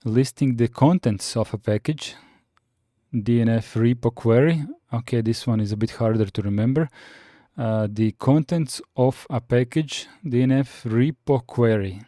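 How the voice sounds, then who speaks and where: A man with a warm, mellow voice teaches on a live stream, working through his notes in a steady, explanatory way. He answers viewer chat between points and fills pauses with "uh". The sound is dry and close, recorded at a desk mic. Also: mid-range voice, no echo. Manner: steady and explanatory, with frequent "uh" fillers. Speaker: Linux course host.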